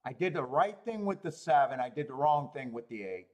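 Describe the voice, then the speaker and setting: A man's voice: mid-range voice, lively intonation, a little fast, darkish tone. A man hosting a live horse racing handicapping stream, talking to himself and swearing in frustration over his bets.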